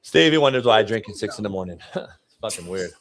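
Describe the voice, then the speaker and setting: A man's voice: fairly low pitch, lively intonation, quick pace, fairly bright tone. A man hosting casual sports talk, blunt, joking and profane. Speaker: host.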